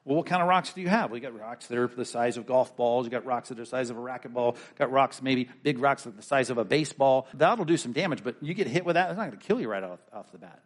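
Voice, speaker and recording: Man preaching an animated sermon. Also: medium pitch, fast, few pauses. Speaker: pastor.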